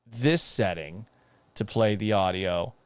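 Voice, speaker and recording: A man's voice: on the low side, takes it slowly, clear, resonant tone. A man hosting a live sports talk stream, talking casually and reading out viewer comments, exasperated and swearing, and mocking himself. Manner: reads viewer comments aloud.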